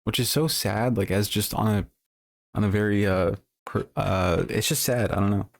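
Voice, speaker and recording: A man's voice: on the low side, fairly even intonation, moderate pace, vocal fry. Rambling, profane male streamer. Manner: rambling, many fillers and self-corrections; blunt and profane. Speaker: livestreamer. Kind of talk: casual stream commentary.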